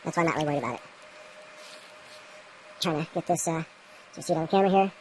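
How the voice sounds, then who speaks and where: A woman's voice: low voice, quick pace, a little mellow, a little hiss or hum, rough recording. A woman in a casual instructional vlog, rambling to the camera while she works in an indoor grow room and muttering at her equipment. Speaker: home grower demonstrating light readings.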